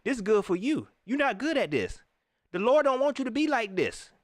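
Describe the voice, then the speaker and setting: A man hosting a live sports show, teasing and preaching in casual, animated commentary. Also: very high voice, moderate pace, no echo, clean studio sound.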